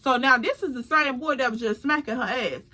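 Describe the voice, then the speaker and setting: A woman vlogger tells a casual storytime, animated and full of slang, and laughs often. Her voice is high, bright and forceful. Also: brisk.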